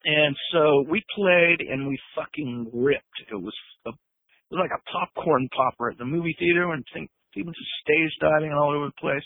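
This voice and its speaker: A man telling a lively story as a guest musician, laughing and swearing as he acts out what others said, on a phone line. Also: on the high side, normal speed, vocal fry, dry recording. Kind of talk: animated storytelling.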